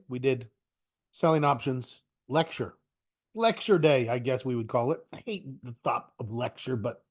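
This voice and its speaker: A man teaching options trading in a casual live online class, chatty and joking, with rambling asides. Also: medium pitch.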